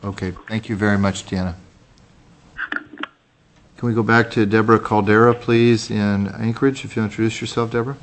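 A man's voice: on the low side, steady tone, brisk, pauses often, a little hiss or hum. A man chairing a hearing who speaks in brief, procedural turns. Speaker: committee chairman.

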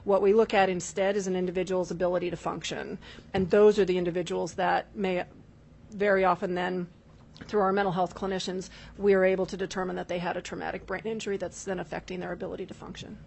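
A woman official giving formal testimony at a legislative hearing, measured and full of filler ums, addressing the chair. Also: fairly low pitch, flat delivery, creaky, a little mellow, slight background noise. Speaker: state corrections official testifying.

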